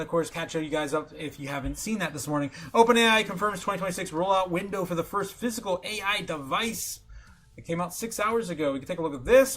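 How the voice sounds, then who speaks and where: A man hosting a casual livestream, talking excitably with lots of fillers and chuckles. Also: sits high. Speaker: livestream host.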